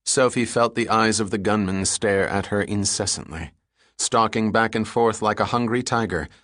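A man narrating a thriller audiobook chapter in a steady, measured way. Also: on the low side, dry recording, clean studio sound. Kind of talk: scripted narration.

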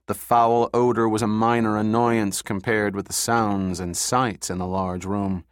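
A man reading an audiobook in a steady, measured narration. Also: medium pitch, no echo, clean studio sound.

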